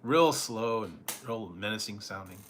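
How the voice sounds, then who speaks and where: A man's voice: on the low side, animated, a little slow, fairly bright tone, slight background noise. A man chatting casually as a food reviewer, rambling, trailing off, and chuckling often between remarks. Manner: nostalgic, trails off and restarts. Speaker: food reviewer reading live chat. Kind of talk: casual chat.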